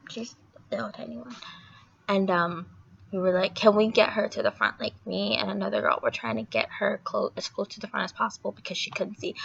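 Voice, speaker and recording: A young woman vlogger with a mid-range, creaky voice and a sore throat casually retells a story. She's chatty, animated and full of fillers as she rambles, in a dull lo-fi recording.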